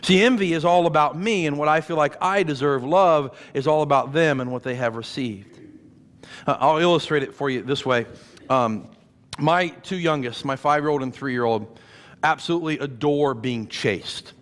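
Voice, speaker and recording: A man's voice: fairly high pitch, normal speed, fairly bright tone. A man in his thirties preaching a sermon as pastor, conversational, with repeated rhetorical questions and playful asides. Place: church sanctuary. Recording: long reverb of a church hall.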